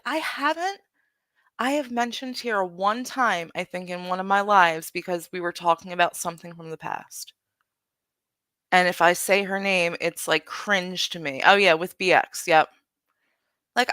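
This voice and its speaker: Streamer woman, blunt, profane rant, bright sharp tone, dry close sound. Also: on the high side, no echo. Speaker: livestream host. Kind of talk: heated livestream rant.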